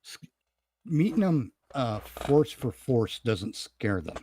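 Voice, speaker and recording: A man's voice: medium pitch, very animated, slow, mellow, husky. A man hosting a casual podcast chat, ranting bluntly and swearing freely. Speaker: podcast host.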